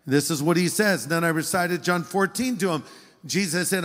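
A man preaching a sermon, telling a story and shifting between loud emphasis and quiet asides. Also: on the high side, normal speed, big-room sound.

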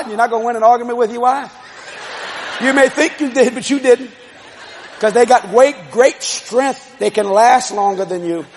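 A man preaching a televised sermon to a congregation, shouting and telling stories. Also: extremely high pitch. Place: church service before a congregation. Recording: live congregation with loud laughter and noise.

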